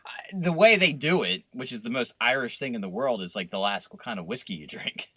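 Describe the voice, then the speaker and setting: A man co-hosting a podcast, riffing through profane, animated rants in casual banter. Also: mid-range voice, a little fast, no room sound. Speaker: podcast co-host.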